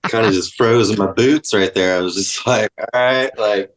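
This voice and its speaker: A man telling stories in a relaxed, casual way, swearing freely and saying "like" a lot. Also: fairly low pitch, normal speed. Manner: laid-back, swears freely, lots of likes. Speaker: guest. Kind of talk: casual storytelling.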